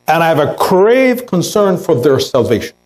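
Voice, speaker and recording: A man's voice: a little high, sing-song, normal speed, darkish tone, poor audio. A pastor preaching a sermon in a church, earnest, lifting his voice to act out quoted words. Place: church sanctuary.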